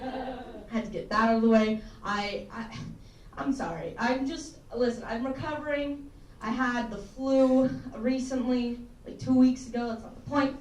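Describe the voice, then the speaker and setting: A woman's voice: a little high, steady tone, a little slow, a little mellow, a little hiss or hum. A young woman from Tennessee doing a rambling, self-deprecating stand-up set for a small live audience, swearing often. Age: young adult. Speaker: stand-up comedian. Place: small campus comedy room, live audience. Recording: roomy, mic picked up from a distance with faint ambience.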